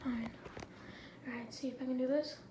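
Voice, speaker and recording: Woman, high voice, playful and teasing, talking to her dogs, noisy home video. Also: fairly even intonation, moderate pace. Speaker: vlogger filming her pet dogs. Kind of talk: casual off-the-cuff chatter. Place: indoors at home.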